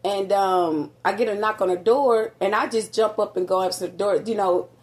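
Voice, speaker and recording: A woman's voice: mid-range voice, normal speed. Rambling woman telling a home story. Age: adult with a grown son. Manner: rambling, animated retelling with many fillers. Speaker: vlogger. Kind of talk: casual storytelling to viewers. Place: nearly empty apartment with some echo.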